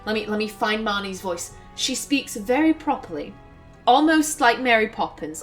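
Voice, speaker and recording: A woman commenting casually on a game she plays, chatty and thinking aloud. Her voice sits fairly high, with faint music behind. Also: animated, normal speed. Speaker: let's play host.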